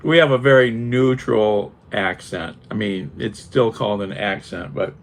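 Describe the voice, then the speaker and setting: An older man with a flat Northeast Ohio accent talks with live viewers in a slow, unhurried drawl. His lowish voice has a gravelly rasp, and he meanders through wry, sarcastic asides, chuckling often. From Northeast Ohio, USA. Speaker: vlogger chatting with live viewers. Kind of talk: casual live chat.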